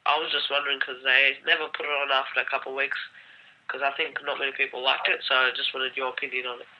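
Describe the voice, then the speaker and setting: A man's voice: medium pitch, level tone, fast talker, muffled recording. A man hosting a casual podcast, asking questions hesitantly with many fillers. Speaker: podcast host.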